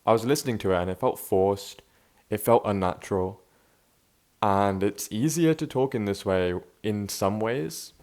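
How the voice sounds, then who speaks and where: A man's voice: on the low side, normal speed, darkish tone. A young man talking casually and reflectively to camera in an unscripted vlog, loose and chatty with frequent restarts. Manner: laid-back, self-reflective, says bro and man a lot, frequent restarts. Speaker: vlogger.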